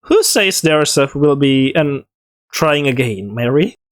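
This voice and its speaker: Wry let's-play narrator, slow. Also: medium pitch, lively intonation, no room sound, clean studio sound. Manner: wry, joking asides. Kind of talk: visual novel read-through with asides.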